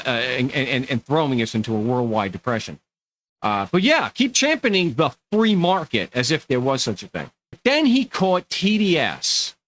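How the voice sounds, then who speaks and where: A man's voice: a little high, rough recording. A middle-aged man with a Long Island New York accent, hosting his own channel in a rambling, sarcastic monologue. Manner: animated, sarcastic, rambling with restarts. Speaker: podcast host. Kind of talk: casual monologue to camera.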